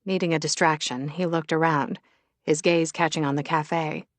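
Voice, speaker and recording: A woman reading a romance novel aloud as an audiobook narrator, in a steady, measured voice. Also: deep voice, no echo. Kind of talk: scripted narration.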